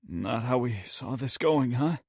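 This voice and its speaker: A man's voice: medium pitch, animated, measured pace, gravelly, darkish tone, slightly rough, no echo, studio quality, exaggerated voice. A man voicing a wounded young man who talks weakly and wryly through pain. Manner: weak, strained.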